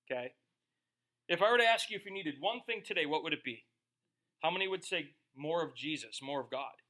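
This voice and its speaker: Bright-voiced, joking preacher man. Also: high voice, big pitch swings, normal speed, long pauses. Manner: conversational, joking, acts out quoted voices. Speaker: pastor. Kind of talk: sermon.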